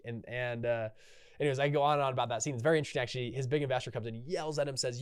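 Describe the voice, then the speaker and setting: A man's voice: medium pitch, rapid-fire. A man hosting a solo podcast, talking casually and rambling off on tangents with lots of restarts and fillers. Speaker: podcast host.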